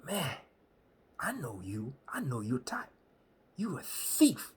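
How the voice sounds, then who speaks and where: A comedian voicing a suspicious, grumpy old male barber who rants loudly and accusingly in casual slang. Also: mid-range voice, wildly swooping pitch, takes it slowly, husky, heavily acted. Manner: loud, accusing, rambling rant in casual slang. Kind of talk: stand-up storytelling.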